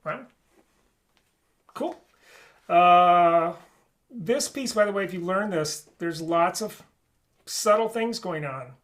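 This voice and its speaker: A man's voice: sits high, slow, long pauses, fairly bright tone. A man teaching an online flute lesson, explaining articulation and singing rhythms on syllables.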